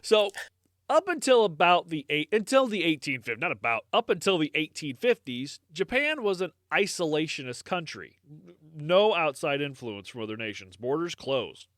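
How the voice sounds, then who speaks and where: American man, casual podcast talk, animated pitch, dry close sound, rambling. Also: moderate pace, dry recording. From United States. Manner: rambling, many fillers, swears casually, laughs at own jokes. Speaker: podcast host. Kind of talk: casual history podcast chat.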